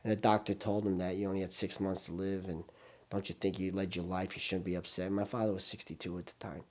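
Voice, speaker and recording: An older man speaks in a documentary interview, his voice low and dark. He tells his story with emotion, swinging between loud bursts and hushed asides. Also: little pitch movement, fast.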